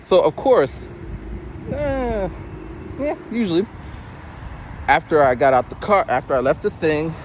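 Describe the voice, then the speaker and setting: A man walks down a city street and talks to his phone camera in a loose, storytelling way. His pitch swings up and down a lot. Clear traffic and street noise run under his voice. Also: measured pace, pauses often. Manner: chatty, storytelling, animated. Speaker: vlogger. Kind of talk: casual vlog monologue.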